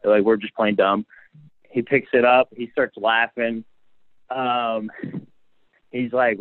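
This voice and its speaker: A man's voice: mid-range voice, normal speed, no echo. A young adult man, a wrestler, telling stories in a casual interview and acting out the lines he quotes. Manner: relaxed storyteller, acts out quoted lines. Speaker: guest, professional wrestler. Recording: tinny phone line.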